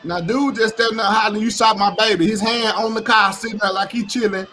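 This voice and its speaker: A man with a strikingly high-pitched voice talks through a reaction commentary in a loose, heated way. He circles back over the same points, swears freely, and climbs into outright shouting when he gets indignant. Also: fairly even intonation, fast talker. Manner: blunt, heated, repeats himself, swears freely.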